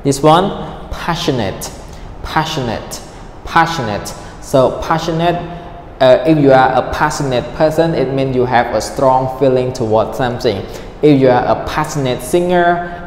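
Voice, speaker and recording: A man teaching an English lesson, repeating vocabulary slowly and acting out rising and falling intonation. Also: mid-range voice, a little mellow. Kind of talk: online classroom explanation. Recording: echoey reverberant room with faint noise.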